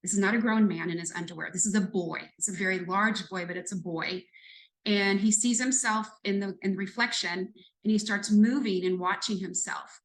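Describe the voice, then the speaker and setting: A woman's voice: medium pitch, moderate pace, rough recording. A woman in her fifties, a retired police lieutenant, speaking as an interview guest. She tells a story in an earnest, reflective way, building it step by step. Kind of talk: conversational storytelling in a podcast interview.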